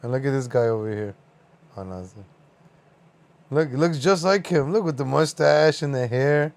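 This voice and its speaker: A man hosts a livestream and reacts to clips in a loose, casual way. He laughs often and swears without holding back. His voice sits at an ordinary middle pitch for a man. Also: animated, normal speed, a little mellow. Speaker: livestream host.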